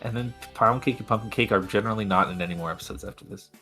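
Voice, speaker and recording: A man's voice: on the low side, rapid-fire, sharp tone, soft background music. A man co-hosting a podcast in casual chat, laughing often, swearing freely and rambling with fillers. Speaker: podcast co-host.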